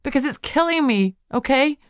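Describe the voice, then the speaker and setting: A woman's voice: mid-range voice, fairly quick, no room sound, studio quality, close to an everyday voice. Lady doing a sobbing young witch girl, pleading, voice breaking. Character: distraught young witch heroine, the narrator.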